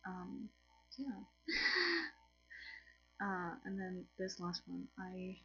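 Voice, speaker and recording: A woman's voice: medium pitch, very animated, extremely slow, vocal fry, long pauses, sharp tone, dull audio, faint music behind. A tired woman with a French accent teaching a casual lesson to camera, chatty and apologetic, often restarting her sentences. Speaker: language teacher on her own channel. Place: home room with colored lights.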